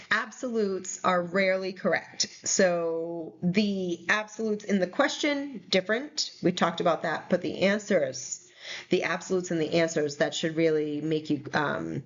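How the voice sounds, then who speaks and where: A woman's voice: lowish voice, muffled recording. A woman teaching a recorded nursing lecture in a conversational, explanatory way with frequent fillers. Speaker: nursing instructor.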